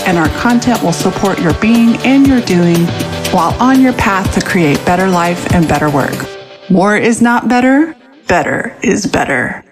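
Animated, playful woman podcast host. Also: medium pitch. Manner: animated, chatty, playful, swears casually. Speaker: podcast host and life coach. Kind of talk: solo podcast monologue.

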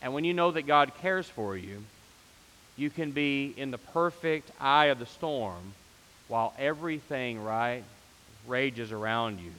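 A man's voice: medium pitch, animated, unhurried, a bit bright, big-room sound, slight background noise, low-quality recording. A man pastor preaching a sermon, rising to fervent emphasis on repeated phrases.

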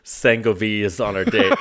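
A man's voice: fairly low pitch, a bit bright. A man co-hosting a podcast, chatting casually in an easygoing, slightly sheepish way with short replies. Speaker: podcast co-host. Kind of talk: casual chat.

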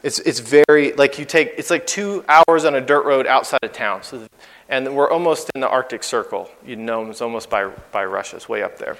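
A man preaching a sermon as guest preacher, in a conversational, animated way with lots of asides and fillers. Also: mid-range voice, moderate pace, in a large hall.

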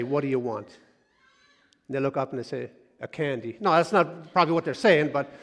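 A man preaching a conversational sermon, repeating words and dropping quiet when he quotes scripture. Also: a little high, long reverb tail. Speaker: pastor.

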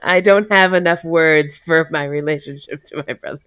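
Dry-humored woman with a lowish voice. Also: normal speed, fairly bright tone, clear, resonant tone, no echo. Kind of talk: casual chat.

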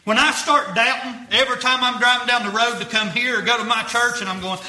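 A young man preaches earnestly. His voice is high and very bright, and he circles back over his phrases in plain folksy speech. It all rings through an echoey church room. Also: fairly even intonation, fairly quick. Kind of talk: sermon.

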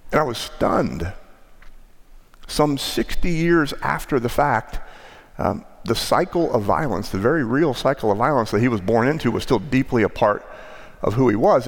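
Pastor preaching in a reverberant church. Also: male voice, medium pitch. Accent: Texan. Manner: conversational storytelling preacher, occasional restarts. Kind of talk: sermon. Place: large church sanctuary.

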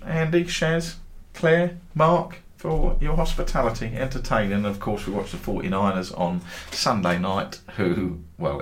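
A man's voice: medium pitch, a little hiss or hum. A middle-aged man who hosts a football trading group, telling meandering anecdotes with dry humour and casual swearing.

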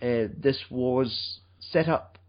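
A man's voice: medium pitch, very slow. Young scottish guy rambling about movies, swears a lot, kinda muffled lo-fi sound. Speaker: podcast host. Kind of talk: casual film review chat.

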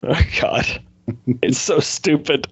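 A man's voice: a little high, slow, breathy edge, no room sound. A man chatting casually on a podcast, rambling with lots of fillers and laughing as he goes. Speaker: podcast co-host. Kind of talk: casual chat.

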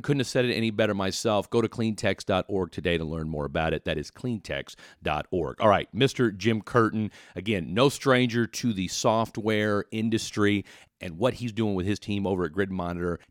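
A man's voice: deep voice, no room sound, clean studio sound. A man hosting a podcast, upbeat and promotional as he introduces his guest. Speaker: podcast host.

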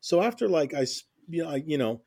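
A man's voice: a little high, very animated, fast talker, a little mellow, dry recording, clean studio sound. Middle-aged man telling rambling stories. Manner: rambling, stacked restarts, constant "you know". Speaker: interview guest, music journalist. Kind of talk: casual storytelling interview.

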